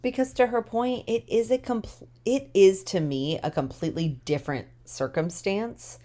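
A woman co-hosting a podcast, recapping a TV episode in a casual, animated way with emphatic opinions; she is tired. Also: medium pitch, normal speed. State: tired, yawning. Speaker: podcast co-host.

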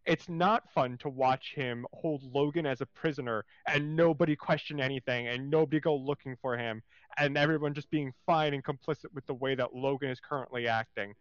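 A man co-hosting a casual comics discussion, animated and searching for words. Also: mid-range voice, brisk, no room sound, muffled recording. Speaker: co-host.

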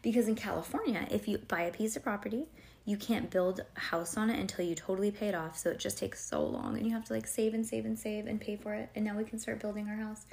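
A woman's voice: medium pitch, steady tone, quick pace, vocal fry, darkish tone. Chatty woman reading a storybook aloud. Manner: conversational, quizzes the listener, digresses with "like" and "um".

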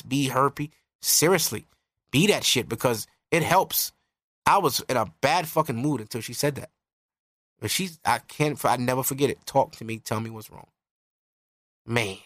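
A man's voice: mid-range voice, a bit bright, no echo, studio quality. A young man hosting a podcast, giving candid, profane relationship advice in a casual monologue. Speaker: podcast host.

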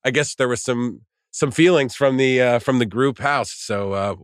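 A man's voice: mid-range voice, normal speed, no echo, studio quality. A man co-hosting a casual podcast chat, telling long rambling stories and swearing freely. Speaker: podcast co-host.

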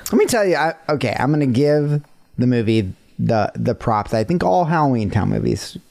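Animated, swearing podcast co-host. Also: mid-range voice, brisk, gravelly. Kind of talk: casual chat.

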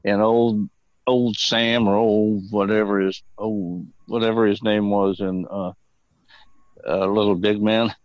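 A man's voice: lowish voice, level tone, slow pace, no room sound. An older man, a guest on an interview show, telling long rambling stories with plenty of cursing and chuckles. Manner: rambling, profane, chuckling storyteller. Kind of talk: casual storytelling interview. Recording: dull lo-fi dry sound.

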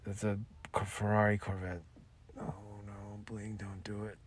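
A man's voice: fairly low pitch, measured pace, fairly bright tone. A man doing his own whispered pleading conscience. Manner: pleading, repeats no and don't do it. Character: nagging hushed inner voice of a tired man. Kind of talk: whispered self-talk.

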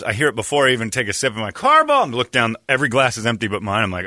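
A man telling a comic story from his past in a lively, animated way, putting on voices for the people in it. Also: medium pitch, rapid-fire, hardly any pauses, no echo, studio quality.

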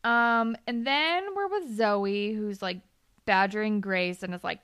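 A young woman co-hosting a casual chat that recaps a TV show, talking fast with lots of "like" and laughing often. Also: medium pitch, fairly bright tone, clear, resonant tone. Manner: chatty, lots of "like", laughs often, acts out characters' lines. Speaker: podcast co-host.

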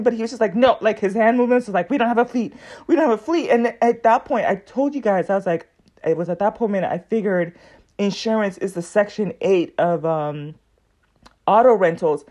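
A woman hosting her own podcast, telling a long story in a casual, animated way and acting out what other people said. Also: mid-range voice, brisk. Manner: animated, acts out other people's lines in quoted voices. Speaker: podcast host.

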